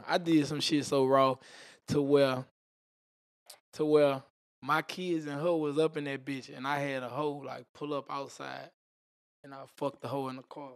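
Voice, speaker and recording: A podcast guest with a somewhat high-pitched voice tells a wild story in a casual storytelling interview. He's animated and rough around the edges, leaning on profane slang and tossing in spoken sound effects like "boom" and "vroom."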